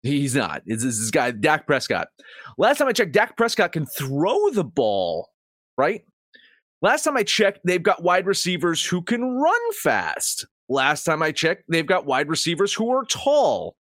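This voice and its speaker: A man's voice: a little high, huge pitch swings, a little slow, fairly bright tone, dry recording, studio quality. A man co-hosting a sports podcast, ranting with heavy swearing and sarcasm. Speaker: podcast co-host. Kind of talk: casual sports talk.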